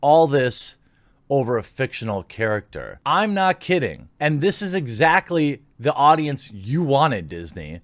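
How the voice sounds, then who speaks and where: A man's voice: medium pitch, very animated, a little slow, fairly bright tone, no room sound, clean studio sound. A man giving opinionated commentary, sarcastic and indignant, reading posts aloud and reacting to them.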